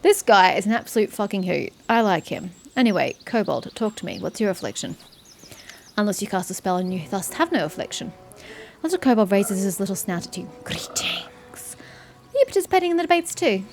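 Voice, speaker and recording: A woman's voice: medium pitch, lively intonation, brisk, creaky, darkish tone, a little hiss or hum. A woman hosting a gameplay video, chatty and casually cursing. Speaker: gameplay host.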